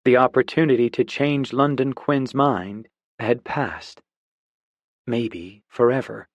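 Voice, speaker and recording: A man reading a novel aloud as an audiobook narrator, slowly and deliberately. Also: medium pitch, no room sound, dull audio. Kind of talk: scripted narration.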